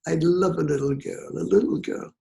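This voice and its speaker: A man's voice: a little high, moderate pace, gravelly, dark tone. Older man voicing an earnest kindly fiddler. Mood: delighted. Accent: Scottish. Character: kindly fiddler man, eager and plain-spoken.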